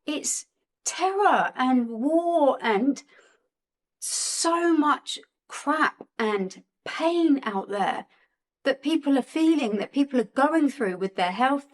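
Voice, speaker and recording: A woman in her forties giving a heartfelt spiritual talk to viewers, earnest and emotional, often repeating and restarting her phrases. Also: high voice. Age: 40s. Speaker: guest on a spiritual channel.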